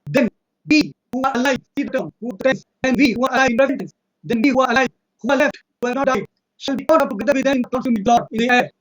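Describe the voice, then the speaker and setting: A man with an Indian accent arguing in a fast, insistent debate monologue, citing verses and repeating his points. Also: very high voice, rough recording. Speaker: religious debater.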